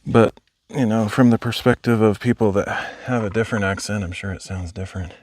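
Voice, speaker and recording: A man's voice: lowish voice, steady tone, brisk, a little mellow, dry recording, studio quality. A young adult man live streaming while hiking outdoors, chatting casually and thinking aloud as he answers viewers. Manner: rambling, thinking aloud, replies to chat. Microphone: phone.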